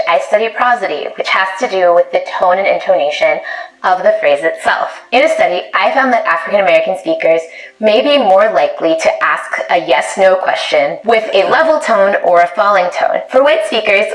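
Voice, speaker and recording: A woman researcher explaining her findings in a measured, precise way. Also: mid-range voice, lively intonation. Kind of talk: explanatory narration. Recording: roomy echo.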